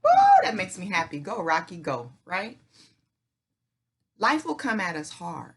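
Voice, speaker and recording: A woman's voice: fairly low pitch, big pitch swings, a little slow, creaky, fairly bright tone, breathy edge. A middle-aged woman hosting her own channel, giving an emphatic, preacher-like motivational faith talk in folksy speech, repeating herself and checking in with "right?" and "okay?". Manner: folksy speech with "y'all" and "ain't". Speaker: channel host.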